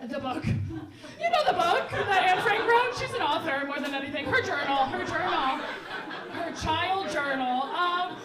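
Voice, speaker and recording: A woman's voice: very high-pitched, lively intonation. Brash young woman doing stand-up. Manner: brash, quick, laughing between jokes. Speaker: stand-up comedian. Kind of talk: stand-up crowd work. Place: comedy club stage before a live audience. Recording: roomy live mic from a distance, loud crowd.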